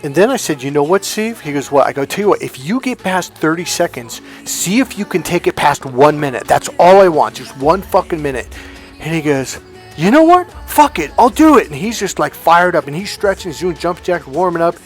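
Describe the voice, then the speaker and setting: A man with a slightly high voice tells a personal story in a loose, casual way. He is animated and swears freely, and jumps up loud when he acts out what people said. Faint music plays behind him. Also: a little fast, few pauses. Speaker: motivational coach.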